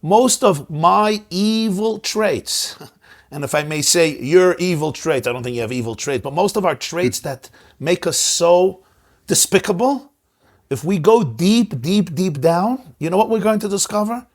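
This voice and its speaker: A man's voice: expressive, unhurried. A man, a rabbi hosting a conversational discussion, who speaks emphatically and often repeats words while searching for them. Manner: swings between soft low asides and rising stressed words. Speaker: rabbi and host.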